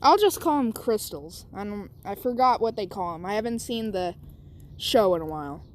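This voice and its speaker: A woman's voice: mid-range voice, animated, moderate pace, slight background noise. A woman telling her own fan story casually, rambling and correcting herself as she goes.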